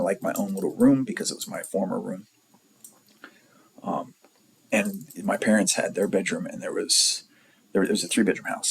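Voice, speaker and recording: A man's voice: low voice, vocal fry, a little hiss or hum, rough recording. A man in his forties from the San Diego area, telling a rambling, profane story in a blunt, casual way. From San Diego area, California. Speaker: storyteller vlogger.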